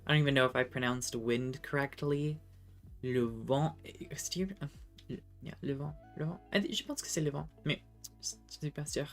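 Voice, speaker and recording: A woman's voice: extremely low pitch, normal speed, soft background music. A woman streamer in casual chat, reading viewer comments aloud, laughing often and trying out rusty French.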